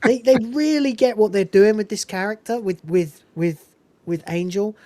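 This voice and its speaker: This film review comes from a woman hosting a podcast, her mid-range voice expressive and dark-toned at a moderate pace. She chats casually and eagerly, swearing freely and often laughing, with no echo.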